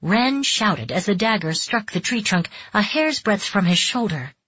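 A woman reading a novel aloud in calm, even scripted narration. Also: mid-range voice, unhurried, husky, dry recording. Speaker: audiobook narrator. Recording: dull dry audiobook recording.

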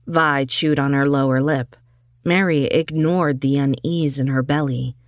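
Low, slow woman narrating an audiobook. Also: no room sound, studio quality. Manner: measured, steady reading.

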